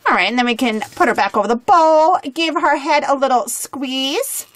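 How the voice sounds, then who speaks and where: A woman's voice: high voice, normal speed, fairly bright tone. A woman hosting a toy unboxing, gushing and chatty as she opens and reviews dolls.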